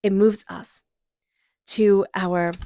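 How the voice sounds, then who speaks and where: Gentle soft-spoken woman, tarot reader. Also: medium pitch, steady tone, drawn-out words, a little hiss or hum. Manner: soft, gentle, drifts into whispers. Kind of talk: intuitive tarot reading with guided meditation.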